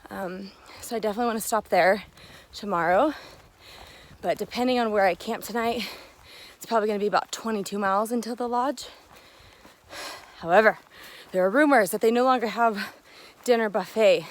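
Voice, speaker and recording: A woman's voice: medium pitch, brisk. A woman vlogging casually outdoors while hiking a long trail, talking with lots of fillers and a little out of breath. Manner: chatty, filler-heavy, laughs often. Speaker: thru-hiker vlogger. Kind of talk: casual vlog chat.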